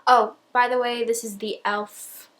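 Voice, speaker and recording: A woman's voice: on the high side, little pitch movement, a little slow, fairly bright tone, rough recording. A young woman talking through a makeup tutorial in a chatty, rambling, self-deprecating way, a little out of breath. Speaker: beauty vlogger.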